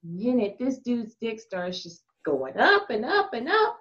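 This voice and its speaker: High-voiced woman telling a frank story. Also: measured pace, highs cut off. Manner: frank, explicit, lively anecdote telling. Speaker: podcast guest. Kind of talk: casual candid storytelling.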